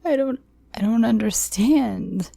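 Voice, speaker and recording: A woman voicing a terrified young woman who sobs and pleads in high, breaking cries. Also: fairly even intonation, fairly quick, warm tone, no echo, natural voice. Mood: sobbing, pleading. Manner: high, tearful, breaking pleas.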